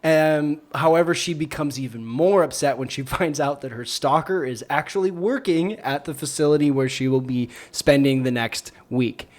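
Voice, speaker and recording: A man co-hosting a casual film podcast, summarizing a plot with sarcastic, drawn-out phrasing. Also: a little high. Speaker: podcast co-host. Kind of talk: casual chat.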